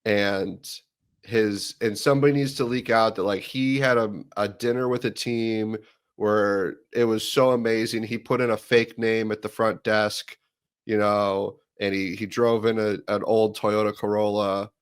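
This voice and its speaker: A man's voice: fairly low pitch, steady tone, unhurried, clear, resonant tone. A man in casual sports chat, playful, spinning long joking hypotheticals. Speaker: sports podcaster.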